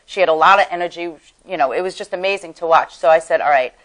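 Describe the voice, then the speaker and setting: Earnest woman with a lower voice. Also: fast talker, fairly bright tone, rough recording. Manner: earnest storytelling with many fillers. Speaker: co-host. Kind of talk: casual chat.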